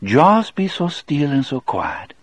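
A man voicing a mild little condemned prisoner with a lilting Cajun accent who speaks softly and soothingly. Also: fairly high pitch, big pitch swings, takes it slowly, husky, no echo, pitched above the performer's own voice, full character voice. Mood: gentle.

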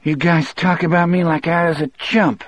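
A man's voice: a little high, fairly even intonation, normal speed, no room sound, voice pushed up, lightly acted. A man voicing a petty, sullen young male prison guard with a thin, strained voice. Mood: whiny.

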